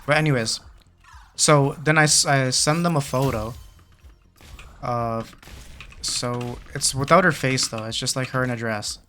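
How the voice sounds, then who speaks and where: Young male gamer, mid pitch, laid-back slangy chat with faint music underneath. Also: a little slow, long pauses, sharp tone. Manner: slangy storytelling with many fillers; muttering game commentary. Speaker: gaming channel host. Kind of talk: casual chat while playing a game.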